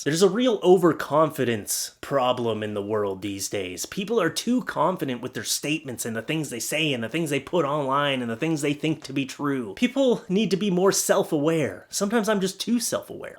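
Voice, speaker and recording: A young man from Canada reacts to online posts with heavy sarcasm, his voice sitting a little high for a man. He swings from loud, animated outbursts down to low mutters. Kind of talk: casual reaction commentary.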